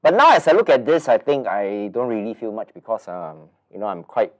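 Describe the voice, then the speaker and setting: A man's voice: on the low side, lively intonation, a little fast. A man in his forties with a Singaporean English accent and a nasal, blocked-nose voice, hosting a casual webinar in a chatty, rambling way with many fillers and repeated words. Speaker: webinar host.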